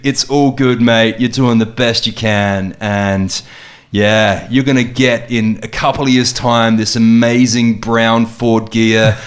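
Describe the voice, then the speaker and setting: An Australian man in middle age speaks as a guest on a podcast. His storytelling is animated and expressive, punctuated by easy laughter. The delivery stays casual and conversational. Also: medium pitch.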